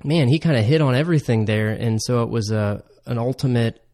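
A man co-hosting a relaxed podcast, talking in an easygoing chat. He slows down and leans on key numbers and points as he explains them. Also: mid-range voice. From Florida Panhandle. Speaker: podcast co-host. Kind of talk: casual chat.

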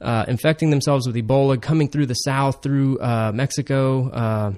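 A man from Florida co-hosting a casual podcast chat, reading out survey numbers and slowing down to stress points. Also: mid-range voice, steady tone, darkish tone. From Florida Panhandle. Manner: explains, slows down to stress numbers. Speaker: podcast co-host.

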